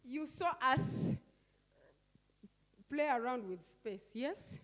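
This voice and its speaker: Slow, high-voiced woman teaching. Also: lively intonation, fairly bright tone. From Uganda. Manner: asks the audience questions and repeats key words. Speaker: workshop facilitator. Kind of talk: interactive teaching workshop. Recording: echoey hall.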